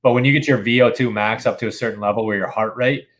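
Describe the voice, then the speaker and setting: A man's voice: medium pitch, fairly even intonation, fast, fairly bright tone. A man in casual podcast chat, explaining with enthusiasm, many restarts, and frequent use of "dude". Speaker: podcast co-host.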